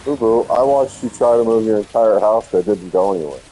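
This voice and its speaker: A man's voice: fairly low pitch, brisk, mellow, poor audio. A man chatting casually while playing a game, teasing his friend with profane banter. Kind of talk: casual chat.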